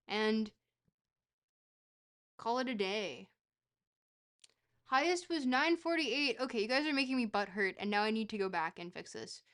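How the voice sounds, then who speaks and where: A woman streamer chatting casually while playing a geography guessing game, rambling and poking fun at herself. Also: on the high side. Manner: rambling, self-mocking, bursts into excited shouts.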